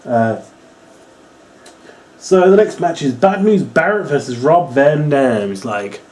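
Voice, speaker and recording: A young man from England with a Norwich accent, rambling excitedly and swearing as he reviews a wrestling show. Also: a little high, takes it slowly. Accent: Norwich English. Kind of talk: casual video review.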